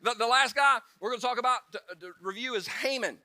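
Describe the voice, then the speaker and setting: A male pastor giving a casual sermon in a conversational, joking way, with quick asides and restarts, acting out the story figures in quick little voices. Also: extremely high pitch, bright, forceful tone, no room sound.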